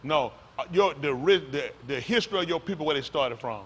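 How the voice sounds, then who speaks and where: A male pastor preaching loudly and quizzing his congregation, asking questions and calling on listeners. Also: fairly high pitch, expressive, brisk. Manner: loud, rhetorical, questions the congregation. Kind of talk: sermon with audience back-and-forth. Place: congregation hall.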